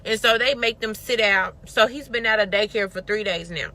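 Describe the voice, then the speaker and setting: A woman's voice: medium pitch, moderate pace, pushed and bright. A young woman venting candidly to camera, telling a story with plenty of swearing. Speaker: vlogger.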